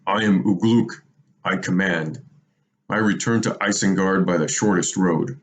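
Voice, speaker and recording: Man doing a growling orc captain, deep, blunt, commanding. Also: unhurried.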